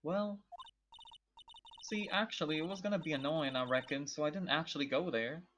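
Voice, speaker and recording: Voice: mid-range voice, moderate pace, a bit bright, slight background noise, lightly acted. A streamer voicing a sly, teasing informant who drawls folksy sayings.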